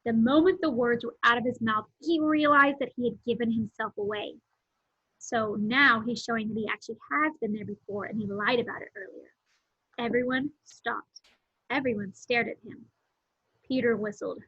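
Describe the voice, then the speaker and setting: A woman's voice: a little high, a bit bright, husky, no room sound. Woman reading a storybook aloud. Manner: pauses to explain words and events simply. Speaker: read-aloud narrator. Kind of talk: reading a novel aloud with explanations. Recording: dull lo-fi home recording.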